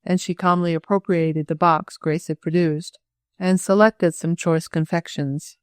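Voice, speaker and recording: Woman narrating an audiobook, dry and low. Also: fairly even intonation, measured pace, smooth, dry recording. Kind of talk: scripted narration.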